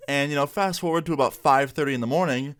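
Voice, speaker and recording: A man's voice: fairly high pitch, quick pace, a bit bright. A young man casually telling a story in a laid-back, slangy way, full of "like" and "you know.". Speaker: vlogger.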